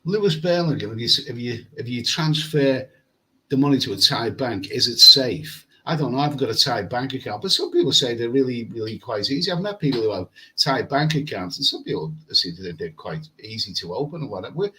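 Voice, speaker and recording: A man's voice: medium pitch, animated, a little fast, sharp tone, poor audio. A man chatting casually on a live stream from a hotel room, rambling and repeating words as he reads comments. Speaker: travel vlogger. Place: hotel room with air conditioning.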